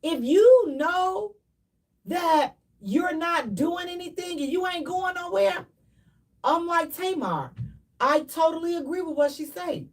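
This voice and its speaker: Animated, preachy woman radio host. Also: very high voice, slow pace, far from the mic. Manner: animated, preachy, repeats herself, sometimes shouting. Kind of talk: live call-in radio talk.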